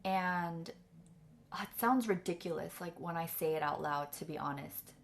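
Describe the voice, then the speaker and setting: A woman's voice: lowish voice, moderate pace, gravelly. A young woman telling a personal story candidly, full of fillers and close to tears. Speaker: vlogger and coach.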